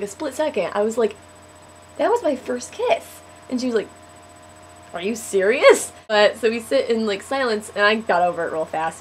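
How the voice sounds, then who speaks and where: A woman's voice: mid-range voice, slight background noise. A teenage girl telling a personal story to camera in a casual, giggly way, full of "like". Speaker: vlogger.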